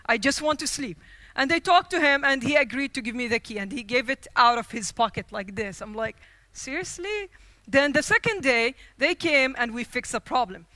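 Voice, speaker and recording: Female keynote speaker, bright and forceful tone, dry close sound, animated storyteller who acts out quotes. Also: high voice, moderate pace, no echo. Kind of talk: storytelling speech. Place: conference stage.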